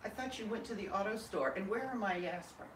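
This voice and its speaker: A woman co-hosting a live stream, reading viewer messages aloud in a lively, teasing way. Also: mid-range voice, fast, slight background noise, low-quality recording. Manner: lively, teasing, exclaims often. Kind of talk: casual live-stream chat.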